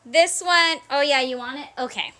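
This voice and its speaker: Very high-voiced, bright, chatty woman. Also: moderate pace. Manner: chatty, reads out sizes and prices to viewers. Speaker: host of a live clothing sale. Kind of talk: casual live-stream selling chat.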